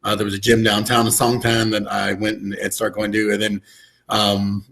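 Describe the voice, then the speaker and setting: A man's voice: fairly low pitch, monotone, moderate pace, gravelly, a bit bright. A man hosting a casual podcast interview, asking questions in a hesitant way with many ums and likes. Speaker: podcast host.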